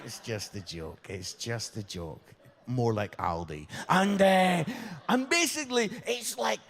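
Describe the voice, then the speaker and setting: A man's voice: medium pitch, breathy edge. An English man preaching a humorous sermon, telling stories and asking the congregation questions. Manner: jokey, chatty, asks the congregation questions. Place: church hall. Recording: long reverb of a church hall.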